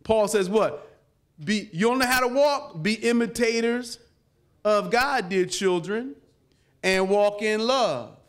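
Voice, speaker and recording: A middle-aged man, a pastor, preaching a lively sermon to a live audience, calling for responses and swinging from quiet asides to shouts. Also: high voice, takes it slowly. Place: conference hall before a live audience.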